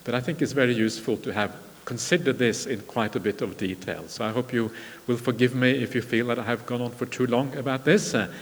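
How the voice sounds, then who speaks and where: A man giving a Buddhist meditation talk at a retreat, in a measured, unhurried way with frequent pauses. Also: mid-range voice. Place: large meditation hall. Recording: long reverb of a large hall.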